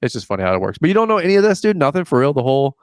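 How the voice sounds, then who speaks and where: A man's voice: fairly high pitch, racing, clean tone, dry recording, clean studio sound. A young man hosting a podcast, telling a story in casual chat and acting out the dialogue with lots of "like". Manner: animated storyteller, acts out dialogue, says "like" often. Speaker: podcast host.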